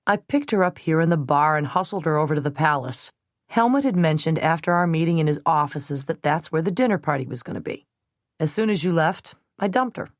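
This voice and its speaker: Brief: hot-tempered thirtysomething man, voiced by a female narrator, blunt, forceful, dry close read. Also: low-pitched, expressive, brisk, dry recording. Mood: calm, wry. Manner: blunt, forceful, sometimes scornful. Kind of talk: audiobook character reading.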